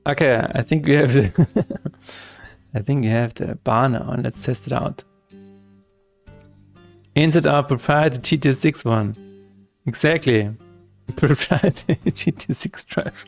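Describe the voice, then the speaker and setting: A man's voice: medium pitch, a little slow, vocal fry, long pauses, faint music behind. A man streaming his game-development work who chats casually, jokes and rambles through asides, laughing often. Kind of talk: casual live-stream chat while coding.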